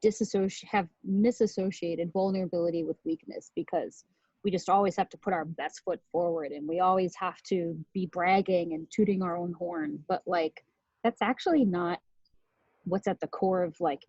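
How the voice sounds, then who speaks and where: A woman giving a storytelling talk as a podcast host, candid and quick to laugh, swearing freely. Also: on the low side, darkish tone, breathy edge, dry recording. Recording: dull lo-fi sound.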